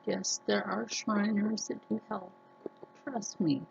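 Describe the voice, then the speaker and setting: A woman vlogger talking earnestly to her viewers, telling personal stories slowly with many restarts. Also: mid-range voice, level tone, vocal fry, muffled recording, slight background noise. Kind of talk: casual personal talk to camera.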